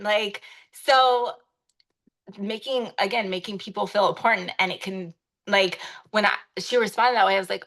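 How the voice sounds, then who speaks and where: A woman's voice: medium pitch, moderate pace, fairly bright tone. A real estate agent woman telling the group a story on a coaching video call, chatty and full of fillers. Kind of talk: casual chat.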